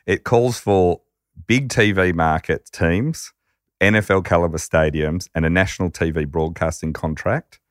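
Man with a really low voice narrating a story on a podcast, dry close mic. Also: unhurried, dry recording. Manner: animated narrator who acts out quotes. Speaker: podcast host. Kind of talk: conversational storytelling.

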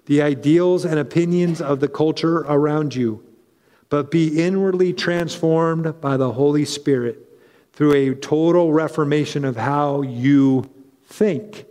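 A man preaching a conversational sermon as pastor, animated and chatty with frequent asides and restarts. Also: on the high side, long reverb tail.

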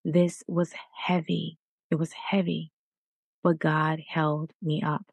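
A woman with a low, deep voice gives an earnest, encouraging talk on a faith podcast. She repeats her points again and again as she urges the listener on. The sound is dry and close, with no room echo. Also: little pitch movement, takes it slowly, vocal fry, breathy edge. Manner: earnest, repetitive exhortation. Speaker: podcast host.

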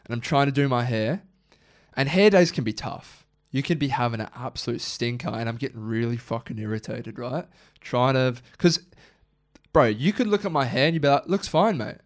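A young Australian man co-hosting a casual podcast, animated and swearing freely. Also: medium pitch, normal speed. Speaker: podcast co-host. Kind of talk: casual chat.

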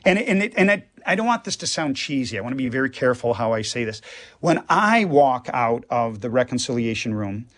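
Man, priest, radio talk, earnest, everyday examples, mid pitch. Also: sing-song, brisk, a bit bright. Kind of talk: radio conversation.

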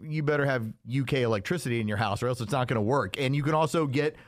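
A man's voice: mid-range voice, fast talker, no echo, clean studio sound. A man hosting a podcast, explaining things in a rambling, casual way. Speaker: podcast host. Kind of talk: casual chat.

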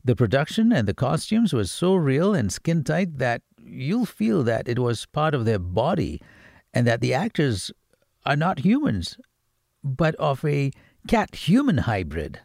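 A man's voice: medium pitch, vocal fry, a little mellow, dry recording, studio quality. A man presenting film picks on the radio, playful and given to jokey asides. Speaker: radio movie reviewer. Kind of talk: radio film recommendations segment.

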